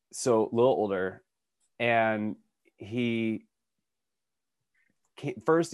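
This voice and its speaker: A man in his thirties or forties, fairly low-pitched, co-hosts a podcast recorded with clean, echo-free studio sound. He tells a story in casual conversation, animatedly acting out what people said and restarting many times.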